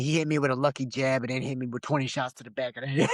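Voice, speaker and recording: A man's voice: mid-range voice, steady tone, quick pace, dry recording, clean studio sound. A young man co-hosting a casual podcast, talking loosely with slang and frequent laughs. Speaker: podcast co-host. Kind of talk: casual chat.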